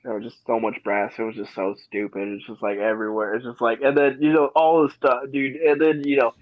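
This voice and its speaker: A man's voice: mid-range voice, flat delivery, fairly quick, dry recording, highs cut off. A veteran man speaking as a podcast guest, laid-back and slangy, with lots of filler words. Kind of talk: casual interview chat.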